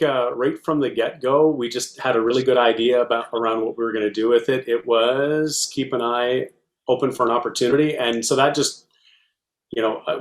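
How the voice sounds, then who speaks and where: A man competing on a music show, answering in a relaxed, slightly hesitant way. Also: mid-range voice, roomy sound. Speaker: contestant.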